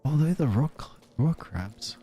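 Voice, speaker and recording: An Australian man chatting casually while streaming a game, reacting to viewers' messages with soft chuckles. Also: a little high, animated, slow, husky. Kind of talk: casual gameplay commentary.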